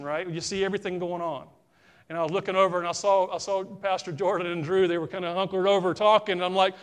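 A man's voice: high voice, fairly bright tone. A middle-aged man with a Southern US accent, preaching a folksy sermon and talking straight to his congregation. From South Carolina, US. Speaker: pastor.

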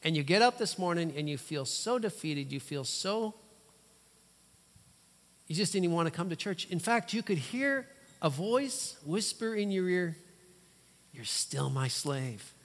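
A man's voice: sits high, animated. Emphatic male preacher with long hall reverb. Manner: emphatic, with dramatic pauses and sudden loud bursts. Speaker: pastor. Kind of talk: sermon. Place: church.

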